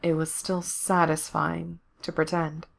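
A woman narrating a story aloud in a steady, even reading. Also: low voice, measured pace, vocal fry. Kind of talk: fan fiction reading.

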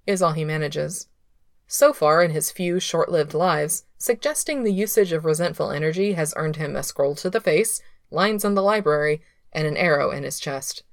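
A woman reading a story aloud in a steady, unhurried way, close to the microphone. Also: sits low, no room sound. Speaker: reader of fan fiction. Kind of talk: audiobook narration.

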